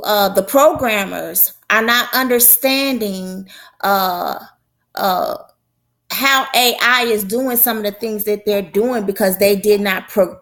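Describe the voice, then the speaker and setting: A woman's voice: medium pitch, gravelly, fairly bright tone. A woman prophetess hosting her own show, giving a casual religious talk in a folksy, conversational way with a preaching lilt.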